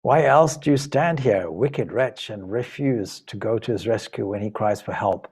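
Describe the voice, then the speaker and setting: A man's voice: normal speed, darkish tone, husky. A man voicing a distraught young princess from an epic, pleading and then hurling accusations. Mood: furious. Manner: pleading, pitch rising high in agitation.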